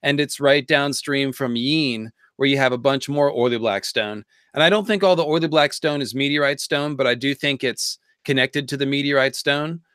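A man's voice: medium pitch, normal speed, few pauses, fairly bright tone, clear, resonant tone, no echo, studio quality. A man co-hosting a casual livestream chat, talking with enthusiasm and building theories. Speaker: co-host of a fan discussion livestream.

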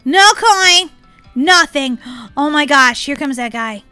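A woman giving excited gameplay commentary as a channel host, squealing, laughing and crying out in bursts of panic. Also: high voice, moderate pace, dry recording, faint music behind. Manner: squealing, laughing, breathless exclamations.

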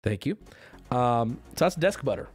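A man's voice: mid-range voice, very animated, normal speed, slightly rough, faint music behind. A man livestreaming and talking casually to his chat, rambling, joking and swearing freely. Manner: rambling, profane, jokey.

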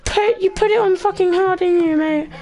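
A man's voice: very high voice, steady tone, moderate pace. A male streamer running a block-building game, clowning around, giving bossy orders and breaking into mock singing. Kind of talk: casual livestream chat.

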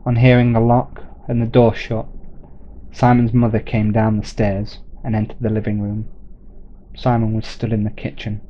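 A man reading a short story aloud in a measured, plain way, in a dull lo-fi recording. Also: lowish voice, little pitch movement, warm tone, a little hiss or hum. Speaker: narrator.

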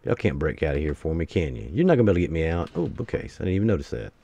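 Low gravelly gamer with wild outbursts. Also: male voice, very fast, slight background noise. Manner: excitable, talks to the enemies, sudden outbursts. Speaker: gameplay streamer. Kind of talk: let's play commentary.

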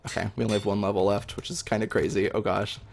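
A young man talking through his game as he plays, chatty and excitable, with lots of ums. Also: fairly low pitch, quick pace, gravelly. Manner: excitable, chatty, many fillers. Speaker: gaming video host. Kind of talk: live gameplay commentary.

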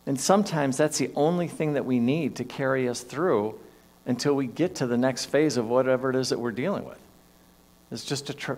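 A man preaching in a church in a relaxed, conversational storytelling manner. His voice sits in a middle range, and he lets his emphasis rise and fall as he talks through a personal story for his congregation. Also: medium pitch. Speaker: minister. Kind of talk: sermon. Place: church sanctuary.

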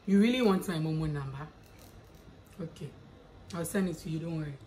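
A young woman talks casually to her camera, reading out questions and bantering back at them. Her voice sits a little low, and a faint hum of room noise hangs behind her. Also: brisk, warm tone, low-quality recording. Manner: chatty, reads questions aloud then answers playfully. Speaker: YouTuber answering viewer questions. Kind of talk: casual chat.

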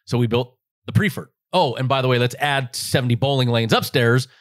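An American man from Las Vegas in his forties, a guest in an interview, telling animated, joking stories and acting out the voices of his family. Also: mid-range voice, a little fast, no room sound, studio quality. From Las Vegas, United States. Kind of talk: casual interview storytelling.

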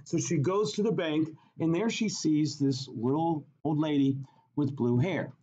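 Animated, jokey male chemistry teacher. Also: fairly high pitch, measured pace, breathy edge, dull audio. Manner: animated, jokey, asks the class questions. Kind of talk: classroom lecture with storytelling.

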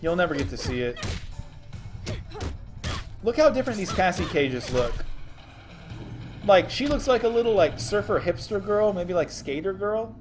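A man's voice: high voice, expressive, normal speed, long pauses, music in the background. A young man from Texas giving casual, joking commentary on a game stream and reading chat messages aloud.

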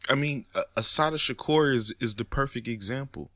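A man talking in a casual monologue, animated and profane, often rising to near-shouts. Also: mid-range voice, a little fast, no echo, studio quality. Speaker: commentator.

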